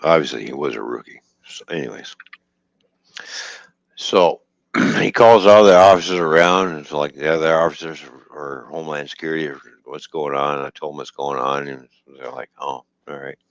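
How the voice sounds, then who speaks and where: A man's voice: extremely low pitch, normal speed, gravelly, no echo. A man casually telling a story from his trucking work, quoting the people in it, swearing freely and laughing as he goes.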